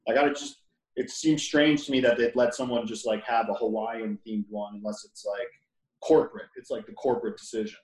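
A man's voice: mid-range voice, steady tone, fairly quick, a little mellow. Male co-host, easygoing, filler-heavy chat, roomy echo on his mic. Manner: casual, full of filler "like". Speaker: podcast co-host. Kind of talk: casual chat.

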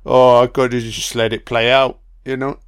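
A man giving a casual film commentary, excitable and heavily profane, full of slang and calling listeners man, son and baby. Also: mid-range voice, normal speed, smooth.

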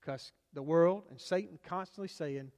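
A man with a high voice preaches a sermon in a church sanctuary. He moves from loud, stressed lines to hushed near-whispers and back. The sound rings with a long hall reverb. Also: normal speed. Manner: preaching with dramatic swings from loud to hushed, acting out quoted voices. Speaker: pastor.

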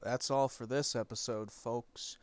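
A man giving a loud, upbeat scripted sign-off as podcast host. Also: medium pitch, fairly even intonation, measured pace, clean tone, no echo.

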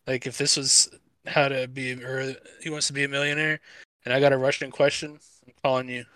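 A man's voice: mid-range voice, flat delivery, brisk, fairly bright tone, clear, resonant tone, dry recording, rough recording. A man on a casual podcast, playful and teasing in banter. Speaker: podcast co-host. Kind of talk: casual chat.

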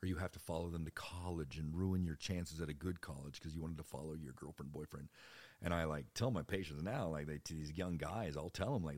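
A man's voice: fairly quick, no room sound. A man in his thirties telling rambling personal stories in a casual way, jumping into voices for other people. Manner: rambling and animated, jumps into high-pitched voices for other people. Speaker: storyteller.

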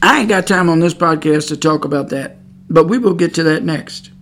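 A woman's voice: deep voice, normal speed. A woman preaching on a podcast, emphatic and scolding, repeating her points. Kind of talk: preaching monologue.

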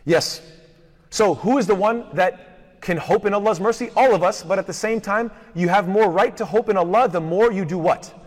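A man teaching a lesson on hadith, rapidly reciting Arabic passages, then explaining them and posing rhetorical questions to his listeners. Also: sits high. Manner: poses rhetorical questions to the class. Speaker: Islamic studies teacher. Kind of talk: lecture on hadith. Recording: long hall reverb.

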